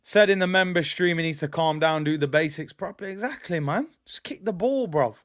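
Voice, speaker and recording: A young man doing live fan commentary on a football match, reacting loudly and chatting to his viewers. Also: fairly high pitch, a little fast. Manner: animated fan, shouts and exclaims when play goes wrong. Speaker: football watch-along streamer.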